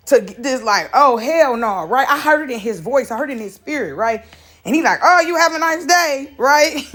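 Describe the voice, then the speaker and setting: High-voiced animated woman storyteller. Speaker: preacher storyteller. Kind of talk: casual spiritual testimony.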